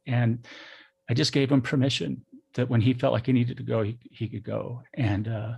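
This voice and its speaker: Gravelly, breathy middle-aged man. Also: medium pitch, level tone. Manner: soft, halting, reflective. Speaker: guest. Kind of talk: personal storytelling.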